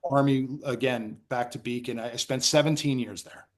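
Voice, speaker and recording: A middle-aged man from New Jersey, a guest in a casual interview, tells animated anecdotes and acts out quotes, with frequent restarts. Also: medium pitch, normal speed. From New Jersey, USA.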